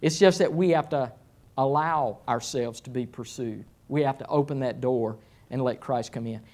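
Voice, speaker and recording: A middle-aged man preaching a sermon as pastor, speaking slowly and deliberately. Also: medium pitch, a little mellow. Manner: slow, deliberate delivery.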